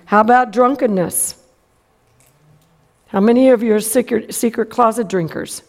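During a sermon, a middle-aged woman shares a plainspoken personal story and plays out everyone else's dialogue. She speaks at normal speed in a slightly high voice.

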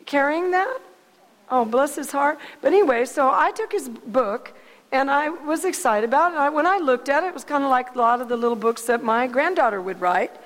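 A woman's voice: high voice, expressive, brisk. Rambling older woman in a reverberant hall. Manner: rambling, with restarts and asides. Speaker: speaker sharing a story. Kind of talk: casual storytelling talk.

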